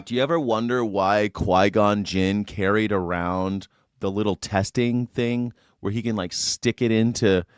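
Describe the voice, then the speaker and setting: A man's voice: fairly low pitch, steady tone, measured pace, smooth, dry recording, studio quality. A man riffing casually as a streamer, rambling, joking and swearing while reacting to clips. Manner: rambling, joking, swearing, breaks into put-on voices.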